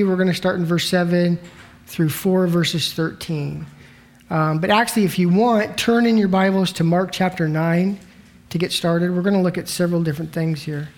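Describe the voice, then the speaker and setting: A pastor leads an informal Bible study in a church. The delivery is halting and conversational, with frequent restarts and asides. Scripture is read aloud and then put into plain, everyday words. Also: mid-range voice, a little mellow.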